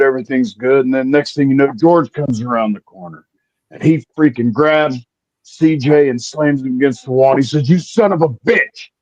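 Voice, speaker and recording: Brief: male guest storyteller, 40s, animated raconteur doing quick voice impressions, dry close sound. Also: on the high side, no echo. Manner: lively raconteur, acts out quoted voices. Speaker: guest wrestler. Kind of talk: casual storytelling. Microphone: remote stream call. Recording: slightly muffled lo-fi audio.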